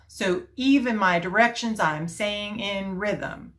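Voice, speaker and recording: A middle-aged woman, an elementary music teacher, explaining her classroom routine step by step and chanting rhythm syllables to a steady beat. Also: fairly low pitch, moderate pace. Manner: explains step by step in a calm, practical way. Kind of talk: teaching video demonstration.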